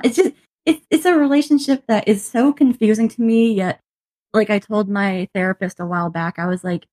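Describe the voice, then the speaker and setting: Speaking a little fast at medium pitch, with no room sound, a woman co-hosts a podcast. In casual chat she tells a personal story, animatedly voicing both sides of every exchange, laughing frequently and swearing in passing.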